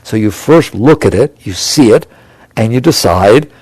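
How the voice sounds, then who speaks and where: A man's voice: on the low side, animated, a little slow, a little mellow, slightly rough, no room sound. A man speaking as a spiritual teacher to a live audience, conversational and emphatic, asking rhetorical questions and repeating points for stress.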